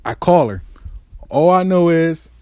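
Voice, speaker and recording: At a measured pace, a man hosting his own show tells a personal story, cursing freely and leaning on slang. His animated voice swings from high to low registers, and the recording has no echo.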